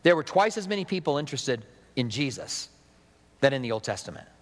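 A man's voice: medium pitch, sing-song, brisk. A middle-aged male pastor giving a conversational sermon, with chatty asides and acted-out dialogue. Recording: long hall reverb.

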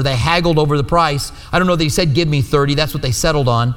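A man's voice: on the high side, fast, a bit bright. A male pastor preaching a conversational sermon in a church, often asking his listeners for agreement. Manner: conversational, asks the room for agreement. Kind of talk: sermon teaching. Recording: long hall reverb.

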